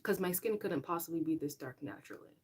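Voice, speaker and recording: A young woman hosting a casual livestream chat, talking straight to her viewers in an animated way and laughing often. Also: lowish voice, fast, husky. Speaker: livestream host.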